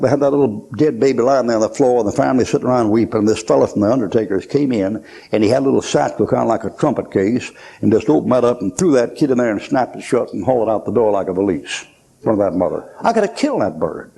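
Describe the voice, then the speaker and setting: Here the pastor has a medium-pitched, creaky voice with a dark, slightly rough tone. He's an older man delivering a folksy, story-driven sermon about his own life, performing the voices of the people he quotes.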